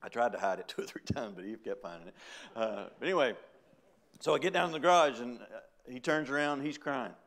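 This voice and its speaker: A man's voice: mid-range voice, animated, brisk, a bit bright. A middle-aged man preaching, telling his own story in a chatty way with laughs. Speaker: preacher giving testimony. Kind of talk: sermon testimony.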